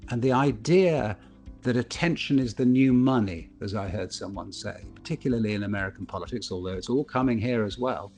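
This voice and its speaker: A middle-aged broadcaster speaking thoughtfully in a Q&A, with an anecdotal manner. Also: male voice, lowish voice, fairly quick, soft background music. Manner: thoughtful, anecdotal, animated when telling stories. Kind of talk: reflective speaker Q&A.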